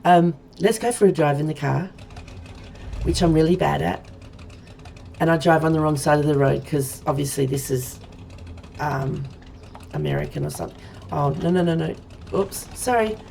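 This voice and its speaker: A woman's voice: low voice, steady tone, normal speed, creaky, pauses often, a little mellow, a little hiss or hum. An Australian woman in her forties chatting casually to viewers while she streams a game, rambling as she plays. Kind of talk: casual let's-play chat.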